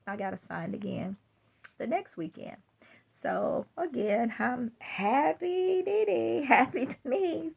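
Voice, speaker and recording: This woman's voice sits on the high side, with vocal fry and a breathy edge. She tells a personal story chattily, laughing occasionally and performing what others said.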